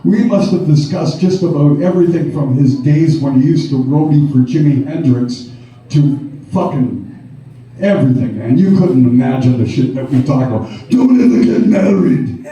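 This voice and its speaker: Rock frontman from Canada, onstage banter, cursing and chuckling, mellow-toned voice, echoey club sound heard from across the room. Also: medium pitch, moderate pace, distant mic. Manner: rowdy, profane and chuckling. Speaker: band frontman. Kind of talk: onstage storytelling between songs. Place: live music club stage. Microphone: stage vocal mic through the PA.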